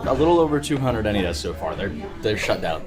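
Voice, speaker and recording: A man's voice: fairly low pitch, big pitch swings, fast talker, over music. A man from a tech team explaining how they ban scammer IDs, matter-of-fact and clipped. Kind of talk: casual explanation in a video clip.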